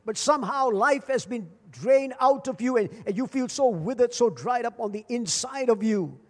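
Older male pastor, high voice, preaching with dramatic rises and drops, repeats phrases, reverberant church hall. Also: expressive, normal speed. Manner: dramatic swings in pitch and volume, repeats phrases. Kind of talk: sermon. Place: church service.

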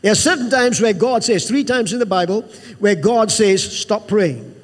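A man's voice: high-pitched, normal speed, long reverb tail. A man preaching a sermon to a church, emphatic and repetitive, calling out to the congregation for an amen. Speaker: pastor.

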